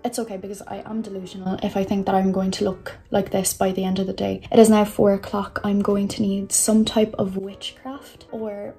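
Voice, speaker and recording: A woman's voice: mid-range voice, level tone, normal speed, hardly any pauses, mellow, faint music behind. A young woman chatting casually to camera as a vlogger, rambling and self-mocking, full of fillers. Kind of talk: casual vlog chat.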